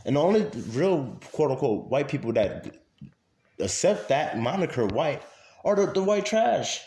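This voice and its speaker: A man's voice: fairly high pitch, very animated, unhurried, a little mellow, a little hiss or hum. A man in a casual monologue to camera, talking emphatically with many fillers and repeating his points. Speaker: vlogger. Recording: echoey room.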